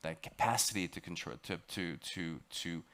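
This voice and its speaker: Aboard a ship, a French-accented expedition lecturer narrates a story with drama and emphasis. His low voice sounds bright and forceful, and now and then he stalls and repeats himself.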